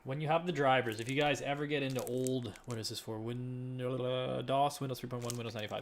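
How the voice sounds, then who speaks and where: A young man chats casually while working through his resale listings. His voice sits at an ordinary middle pitch, relaxed, with lines that often trail off quietly. He is recorded at home on a stream mic with clear background noise. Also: fast talker, few pauses. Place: living room at home.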